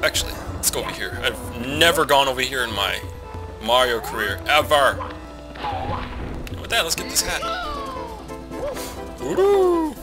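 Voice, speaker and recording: A man's voice: mid-range voice, animated, normal speed, long pauses. A young man with a nasal voice, rambling and swearing casually while commentating a video game he is playing. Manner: rambling, swearing, self-mocking asides. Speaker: let's play commentator. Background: game music.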